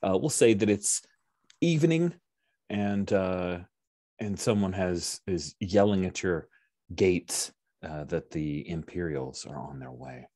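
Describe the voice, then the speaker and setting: A man's voice: low voice, lively intonation, slow pace, warm tone, no echo, studio quality. A man narrating a tabletop game as game master, chatty and enthusiastic.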